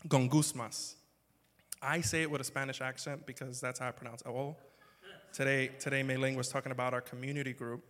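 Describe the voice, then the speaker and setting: A man preaching as a pastor. He talks in a conversational, joking way and breaks into loud, emphatic bursts. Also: mid-range voice, level tone, quick pace. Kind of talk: sermon. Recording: long hall reverb.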